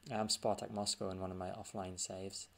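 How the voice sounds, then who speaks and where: Gravelly low-voiced man musing over gameplay. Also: level tone, normal speed, fairly bright tone, a little hiss or hum. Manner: thinking aloud, muttering over screen results. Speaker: gaming channel host. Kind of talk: casual gameplay commentary.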